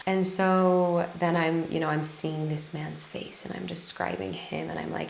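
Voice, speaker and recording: A woman's voice: sits low, level tone, unhurried, vocal fry, few pauses, roomy sound, a little hiss or hum. A woman who works as an energy healer, telling a healing story to camera in an earnest, casual way, with frequent restarts. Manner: earnest, trailing restarts and fillers.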